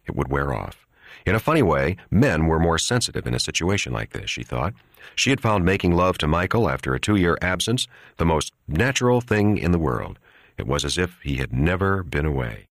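An audiobook narrator with an extremely deep, low voice tells the story steadily and evenly. The recording is dry and close, with no room echo.

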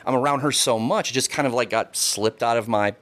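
A man's voice: mid-range voice, fairly quick, fairly bright tone. A man in casual podcast chat, rambling and swearing freely, often repeating words as he tells stories.

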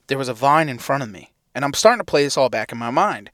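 A man's voice: mid-range voice, fairly quick, few pauses, dry recording, studio quality. A young man hosting a podcast, telling a hunting story in casual chat with lots of swearing and acted-out reactions. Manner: animated storyteller, swears a lot, acts out his own reactions. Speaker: podcast co-host. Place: inside a parked truck.

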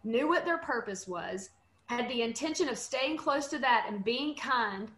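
A woman's voice: fairly high pitch, measured pace. A woman chatting on a panel, telling stories and acting out what people said. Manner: animated storyteller, acts out quotes. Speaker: panel guest. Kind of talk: casual panel chat. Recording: roomy echo.

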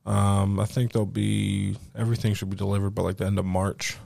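A man with a low, gravelly voice hosts a casual home podcast. He swears freely and tells stories with animated energy, acting out other people's lines. His voice sounds dry and close to the mic. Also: brisk, no echo. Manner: profane, animated storytelling; acts out quoted voices. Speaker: podcast host. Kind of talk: casual chat.

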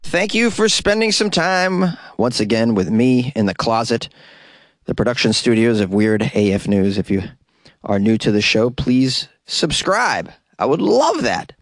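A man hosts his comedy podcast from a tiny closet studio, talking off the cuff and joking. His voice leaps up high when he hits a punchline. The sound is dry and close, with no room around it. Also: unhurried, no room sound. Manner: jokey, animated, voice often jumps high for punchlines. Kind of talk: casual improvised monologue.

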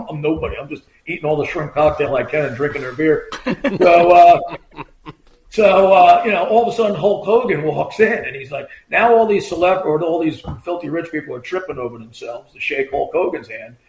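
A man's voice: on the high side, fairly quick, a little mellow. A middle-aged man, a retired trooper, telling stories in a loose, rambling way, full of fillers and acted-out quotes. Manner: rambling, filler-heavy, acts out quoted lines in a raised voice. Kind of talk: casual anecdotal storytelling. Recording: roomy echo.

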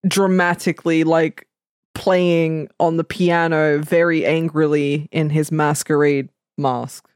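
Woman podcaster chatting about a film, gets squeaky when outraged, dry mic. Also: slow pace, no room sound. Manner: animated, swings to high-pitched outbursts. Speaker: podcast co-host. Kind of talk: casual film recap chat.

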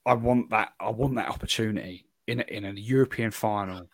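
A man's voice: lowish voice, fairly quick. A young man from England, a podcast co-host, talking in a gushing, emotional way and repeating himself. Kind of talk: casual chat.

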